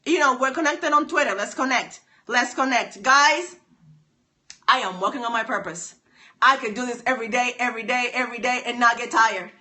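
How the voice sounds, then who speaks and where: A woman live-streaming from her phone, giving an excited, emphatic motivational talk full of repeated lines. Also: on the high side, brisk. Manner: emphatic, repetitive, preachy. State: excited and sweaty.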